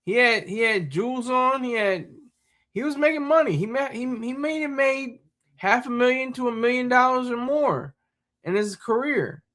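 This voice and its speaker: A man's voice: extremely high pitch, animated, moderate pace, sharp tone. A man streaming live, rambling in casual chat and often laughing while he answers his audience.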